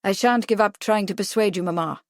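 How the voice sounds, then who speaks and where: A woman voicing an agitated, pompous young gentleman who talks in an insistent, commanding way. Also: medium pitch, brisk, no echo, clean studio sound, lightly acted. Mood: persuasive.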